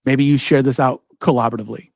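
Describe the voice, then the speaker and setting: A man leads an online teaching workshop in a loose, chatty way, peppering his talk with "like" and "right?" and restarting sentences as he clicks through a demo. His voice sits at an ordinary middle pitch. It is picked up dry and close on a computer mic, with no room sound. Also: steady tone, fast, vocal fry, no room sound. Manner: casual, chatty, full of "like" and "right?", frequent restarts. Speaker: ed-tech trainer presenting a workshop.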